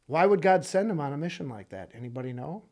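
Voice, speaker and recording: A man teaching a casual bible study sermon in an animated, conversational way, acting out the quotes. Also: fairly high pitch, quick pace.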